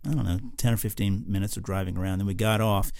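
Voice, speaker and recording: A man's voice: fairly low pitch, steady tone, quick pace, gravelly, darkish tone, dry recording, studio quality. An American man co-hosting a podcast, telling a travel story in casual chat, rambling with lots of fillers and restarts. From United States. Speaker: podcast co-host.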